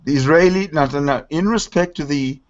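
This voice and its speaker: A male host on a casual talk show, questioning and challenging a caller with halting restarts. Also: on the high side. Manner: interrupting, challenging, hesitant restarts. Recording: lo-fi stream audio.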